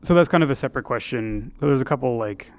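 A man's voice: medium pitch, quick pace, a little mellow. A man co-hosting a podcast about game design, thinking aloud in casual chat with frequent restarts and fillers.

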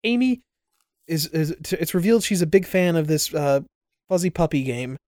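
Podcast co-host, male, loose jokey delivery, higher register, dead-dry mic. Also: lively intonation, normal speed, a little mellow, no room sound. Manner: loose, profane, jokey banter. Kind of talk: casual chat.

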